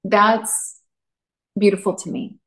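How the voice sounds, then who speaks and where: A woman's voice: medium pitch, takes it slowly, fairly bright tone, roomy sound, rough recording. A woman relationship coach, a podcast guest, telling personal stories in an open, heartfelt way. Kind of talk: candid interview talk.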